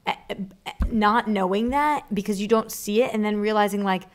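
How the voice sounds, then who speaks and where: A woman's voice: medium pitch, a little fast. A woman co-hosting a podcast, chatting casually and saying "like" a lot. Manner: chatty, uses "like" often. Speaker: podcast co-host. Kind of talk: casual chat.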